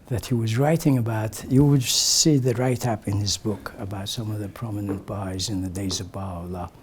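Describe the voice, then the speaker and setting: An older man recalling memories for a gathering in a slow, reflective way, his voice often sinking to a soft, breathy near-whisper. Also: fairly low pitch, steady tone. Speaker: community elder sharing memories. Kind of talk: reminiscing talk to a gathering.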